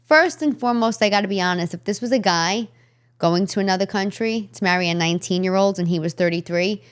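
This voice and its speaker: A woman's voice: mid-range voice, fast talker, smooth. A woman with a New York accent, hosting a podcast in brash, chatty, emphatic talk. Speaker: podcast host. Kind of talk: casual chat.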